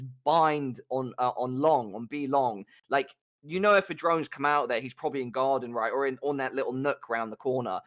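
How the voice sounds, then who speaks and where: A man talking casually about tactics on a live gaming show, swearing and ranting at times. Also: fairly bright tone. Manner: swears a lot, rants with rising pitch. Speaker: guest pro player.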